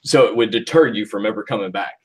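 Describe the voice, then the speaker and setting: A man's voice: fairly low pitch, fast talker, breathy edge. A man hosting a casual podcast, telling a rambling story full of "he was like" quotes and crude, profane language. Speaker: podcast host.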